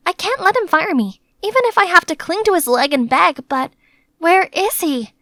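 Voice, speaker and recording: A young woman narrating an animated story in the first person, in a lively, chatty way. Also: extremely high pitch, moderate pace, dry recording, clean studio sound.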